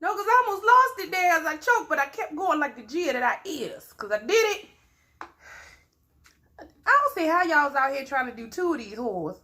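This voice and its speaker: A woman's voice: high-pitched, big pitch swings, moderate pace, sharp tone. A woman vlogger in a casual challenge video, exclaiming, swearing and chatting to her viewers in slangy, drawling informal talk.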